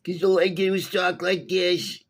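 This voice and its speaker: A man's voice: sits high, measured pace, voice pushed up. A man voicing a lovesick teenage boy who whines that no girl likes him. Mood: whiny. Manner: whining. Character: whiny lovesick teenage boy, moping and pleading.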